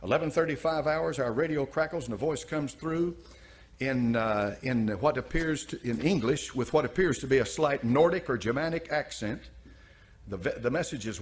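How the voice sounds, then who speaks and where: A man's voice: medium pitch, moderate pace, slight background noise. A man preaching a sermon, reading aloud from a diary and then questioning it for his listeners.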